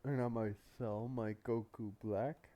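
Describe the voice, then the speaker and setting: A man hosting a reaction video talks slowly and unhurriedly, with a very dark, mellow tone. His commentary is loose and rambling, full of fillers and the odd curse word. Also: medium pitch, steady tone. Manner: rambling, filler-heavy, profane. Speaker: anime reaction channel host.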